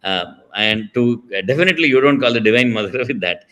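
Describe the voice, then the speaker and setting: A middle-aged man with an Indian accent speaks fast in a mid-range, expressive, sharp-toned voice. As a spiritual speaker, he tells and explains a devotional story, often digressing, using fillers and restarting.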